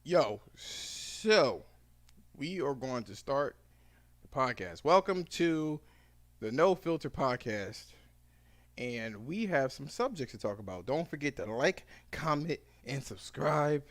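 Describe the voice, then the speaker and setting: A man co-hosting a podcast in casual chat, loud and joking. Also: medium pitch, expressive, slow. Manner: loud, joking, breaks into sung bits. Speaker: podcast co-host.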